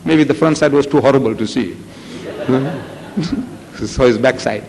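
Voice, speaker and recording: An older man with a South African Indian accent giving a religious lecture, telling stories with animated acted-out voices. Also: medium pitch, moderate pace. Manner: animated storytelling, acting out voices with rising shouts. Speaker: Islamic lecturer. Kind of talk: public lecture to an audience. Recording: echoey hall with faint background noise.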